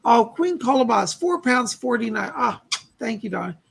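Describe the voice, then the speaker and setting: A male psychic medium on a live stream, hoarse from losing his voice, relaying spirit messages and thanking donors by name. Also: very high voice, animated, moderate pace, a bit bright. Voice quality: gravelly, husky voice. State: losing his voice, clearing his throat.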